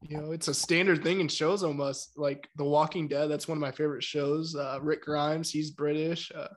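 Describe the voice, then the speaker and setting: A man co-hosting a podcast, talking in a relaxed, hesitant way with many fillers as he steers the conversation. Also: a little high, normal speed. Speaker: podcast co-host. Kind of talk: casual chat.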